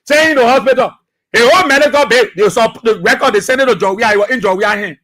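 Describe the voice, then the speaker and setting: A man with a Liberian English accent hosts a political radio talk show, delivering impassioned commentary that circles back on itself and bursts into shouts. His voice sits very high and is husky at the edges. The tone is bright and sharp. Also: quick pace. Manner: impassioned, preachy, repeats phrases, shouts at times.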